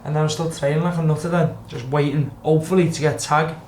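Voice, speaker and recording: A man's voice: a little high, steady tone, fast talker, darkish tone, a little hiss or hum. A man, a podcast guest telling a rambling, swearing story. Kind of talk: casual storytelling. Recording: echoey room, faint ambience.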